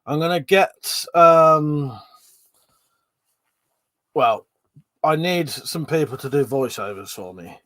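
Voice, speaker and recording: A man's voice: a little high, animated, slow, long pauses, fairly bright tone. A man hosting a casual live stream, reading out chat comments, rambling and swearing, short of breath and yawning. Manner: chatty, swearing, reads chat aloud and rambles.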